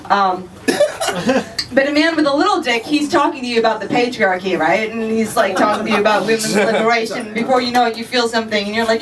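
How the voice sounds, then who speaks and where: A young woman performing a stand-up set in a dry, halting way, with many ums between the jokes. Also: on the high side, crowd noise. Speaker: stand-up comedian. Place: live comedy stage in a garage studio. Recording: far from the mic, with a loud audience laughing. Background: audience laughter.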